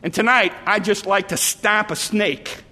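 Male pastor preaching, high bright voice, repetitive drawn-out cadence, long hall reverb. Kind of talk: evening sermon.

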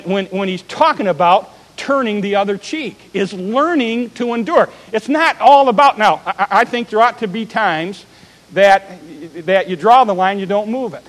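A man preaching a sermon, pressing his points with repeated rhetorical questions and swings from loud to hushed. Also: high-pitched, long reverb tail, low-quality recording. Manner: emphatic preaching with rising and falling volume, repeated rhetorical questions. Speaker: pastor.

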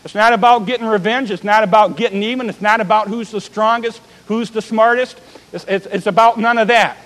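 A man preaching a sermon, pressing his points with repeated rhetorical questions and swings from loud to hushed. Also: sits high, fairly even intonation, fairly quick, in a large hall, low-quality recording. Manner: emphatic preaching with rising and falling volume, repeated rhetorical questions. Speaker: pastor.

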